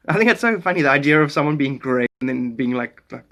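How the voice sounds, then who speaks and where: On a casual phone live stream, a man with a medium-pitched, expressive, slightly bright voice talks fast. He rambles, chuckles, answers viewer comments, and playfully tries out German phrases.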